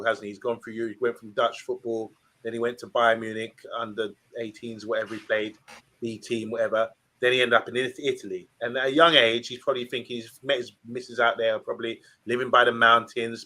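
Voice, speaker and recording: Bright-voiced, rambling man co-host. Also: medium pitch. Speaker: podcast co-host. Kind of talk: casual chat.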